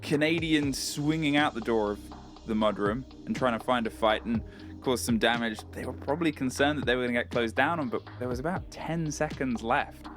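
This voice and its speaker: A man's voice: medium pitch, a little fast, a bit bright, faint music behind. A British man analyzing an esports match, with dry teasing humor. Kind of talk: broadcast analysis and banter.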